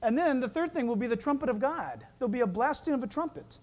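A male pastor preaching a sermon in an animated way, with joking asides. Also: extremely high pitch, fast talker.

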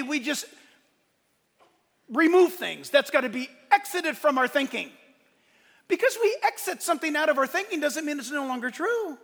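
A middle-aged man preaching a sermon as a pastor, moving between loud, fervent exclamations and hushed storytelling. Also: very high-pitched. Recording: long hall reverb.

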